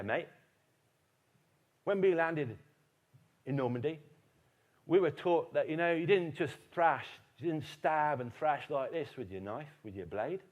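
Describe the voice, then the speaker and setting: A man's voice: fairly high pitch, pitched above the performer's own voice. A man voicing an old cockney commando veteran in a brash, matey manner.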